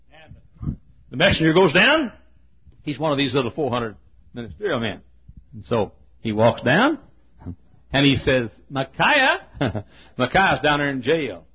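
An older preacher with a husky voice delivers a folksy sermon, chuckling between lines. He drops to near-whispers, then climbs to ringing, emphatic peaks. The recording sounds a little dull and muffled. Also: medium pitch, very animated, unhurried, pauses often. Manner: folksy storytelling preacher, chuckling, swinging from hushed to shouting. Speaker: pastor. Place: church.

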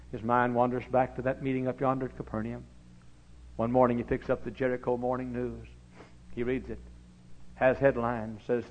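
A man preaching a sermon in a folksy, storytelling way, swinging into shouted exhortation. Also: medium pitch. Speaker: pastor. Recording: dull lo-fi recording.

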